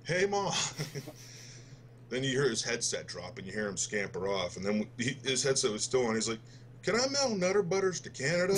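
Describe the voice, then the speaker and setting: On a gaming podcast, this twentysomething co-host laughs his way through a loose, profanity-laced story for his friends. He has a fairly low, somewhat bright voice, and there's a little hiss or hum on the recording.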